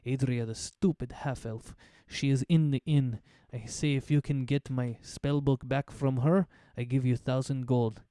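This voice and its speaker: A man's voice: medium pitch, fairly even intonation, normal speed, few pauses, dark tone, clear, resonant tone, no echo, clean studio sound, lightly acted. A man voicing an indignant female bugbear wizard who pleads for help in a tabletop game. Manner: pleading, insistent.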